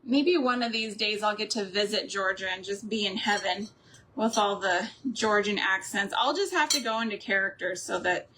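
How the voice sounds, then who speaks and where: A woman's voice: medium pitch, moderate pace, pushed and bright, slight background noise. A middle-aged woman hosting a crafting video, chatting casually with viewers as she works, rambling and laughing often. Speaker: craft and homemaking channel host. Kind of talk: casual chat while crafting, answering live chat.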